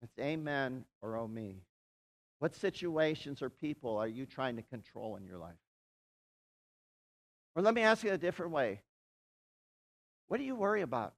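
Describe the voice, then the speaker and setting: A man's voice: medium pitch, big pitch swings, moderate pace, gravelly, pauses often. A male pastor preaching a conversational sermon, leading his congregation in call-and-response.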